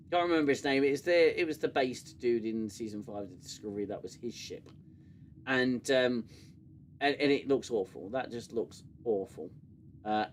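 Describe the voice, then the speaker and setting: A man's voice: mid-range voice, a little hiss or hum. A British man hosting a live review stream, ranting sarcastically and swearing freely. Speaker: show host.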